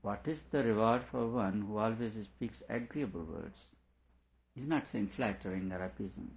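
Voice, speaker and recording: A male teacher giving an explanatory lecture on a scripture, repeating each question aloud before patiently explaining it, with quiet chuckles along the way. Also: fairly low pitch, normal speed, creaky. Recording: dull lo-fi recording.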